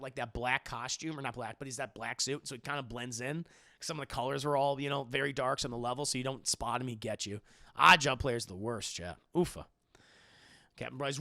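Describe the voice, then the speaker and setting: A man chatting casually on a livestream, swearing freely and loudly imitating game lines. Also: mid-range voice, vocal fry, dry recording, clean studio sound. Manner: profane, animated, quoting game lines in loud voices. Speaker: streamer answering viewer questions.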